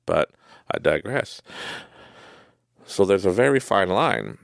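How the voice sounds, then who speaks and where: Gravelly low-voiced man, rambling storyteller. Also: very animated, takes it slowly, no echo, studio quality. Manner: rambling storyteller, lots of fillers and asides. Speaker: podcast host. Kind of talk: casual motivational monologue.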